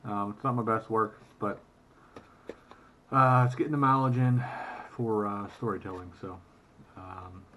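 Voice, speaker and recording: A man talks in a relaxed way as a vlog host. He hesitates often and fills gaps with ums and uhs. His voice sits a little low. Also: a little slow, pauses often, dull audio, a little hiss or hum. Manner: relaxed, hesitant, many fillers. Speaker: comic artist vlogger. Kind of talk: casual vlog narration.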